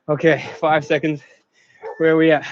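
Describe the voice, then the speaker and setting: A winded male fitness coach leads a live workout, calling out counts and pushing people to keep going. His voice sits a little high and his pace is unhurried. The stream audio is dull and lo-fi. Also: a little hiss or hum. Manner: counts down reps and urges on, with short laughs. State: out of breath.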